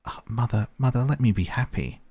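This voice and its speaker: A man's voice: low voice, moderate pace, a little mellow, dry recording. A man reading the part of an eager, lovestruck young actress, pleading and breathless.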